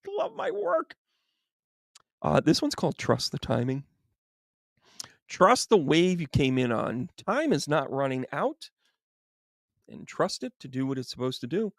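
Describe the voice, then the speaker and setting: A man with a gravelly voice giving a tarot reading on a live stream. He chats with viewers by name in an animated, chummy way and laughs often. The sound is dry and close. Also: on the high side, takes it slowly, long pauses, no echo. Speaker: psychic medium reading tarot.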